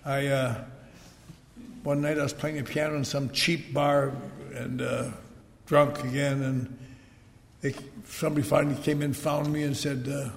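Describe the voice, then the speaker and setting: Gravelly older man telling stories. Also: medium pitch, level tone, unhurried. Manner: wry, rambling anecdotes with asides to the audience. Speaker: guest speaker at a recovery meeting. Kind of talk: personal storytelling talk. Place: large meeting hall. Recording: echoey hall recording with faint noise.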